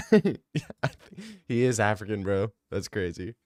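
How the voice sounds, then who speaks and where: A young man streaming and chatting casually with viewers. He talks in excited, fast bursts and often repeats himself. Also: fairly low pitch, no echo, clean studio sound.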